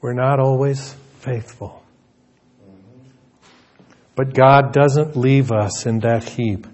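A man's voice: mid-range voice, steady tone, takes it slowly, darkish tone. A male pastor preaching a sermon in an earnest manner, often repeating words as he restarts a thought.

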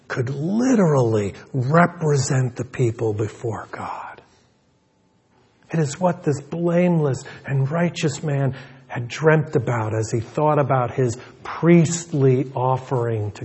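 Slow, earnest male pastor. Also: mid-range voice, breathy edge. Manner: earnest, often repeats words on restarts. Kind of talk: sermon.

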